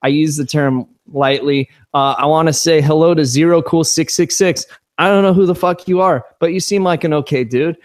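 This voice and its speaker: A man's voice: a little high, normal speed, dry recording. A man co-hosting a casual podcast, crude and irreverent in his jokes. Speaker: podcast co-host. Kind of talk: casual chat.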